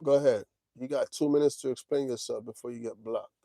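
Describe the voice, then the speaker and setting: A man's voice: mid-range voice, fairly even intonation, brisk, warm tone, no room sound. A man in his forties hosting a trucking livestream, talking casually and directly to his chat. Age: 40s. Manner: laid-back, talks straight to chat, drawls "man" and "y'all".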